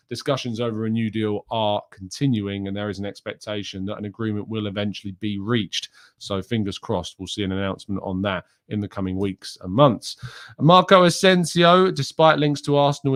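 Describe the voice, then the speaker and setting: Man hosting a football show. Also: fairly low pitch. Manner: conversational, with frequent ums and restarts. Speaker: host of a football news show. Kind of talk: live news roundup and chat.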